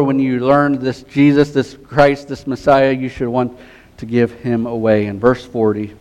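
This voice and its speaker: A middle-aged man preaching a sermon, earnest, often falling to a soft hush on key lines. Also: medium pitch, low-quality recording. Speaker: pastor.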